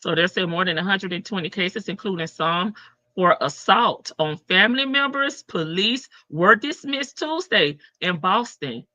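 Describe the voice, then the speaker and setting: Bright-voiced woman live-stream host. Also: fairly low pitch, animated, measured pace, dry recording. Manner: chatty, greets viewers by name, reads articles aloud. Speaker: livestream host. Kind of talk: casual live-stream chat and news reading. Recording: slightly dull, dry stream audio.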